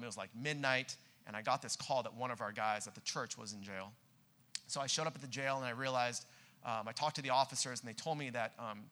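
A young adult man preaching a sermon in a church, telling a personal story with earnest delivery that climbs to loud, animated peaks. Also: mid-range voice. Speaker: pastor.

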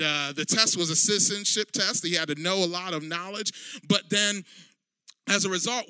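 Man, pastor preaching, originally from Liberia, rising shouts, dry close sound. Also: on the high side, clear, resonant tone, no room sound. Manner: preaching with dramatic swells, drawn-out emphasis and rising shouts. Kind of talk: sermon.

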